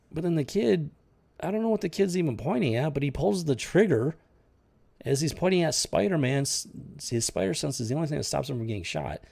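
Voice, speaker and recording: A man's voice: a little high, creaky, a little mellow, husky. A man hosting a comic book review show, ranting in exasperated, incredulous casual commentary. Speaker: podcast host reviewing comics.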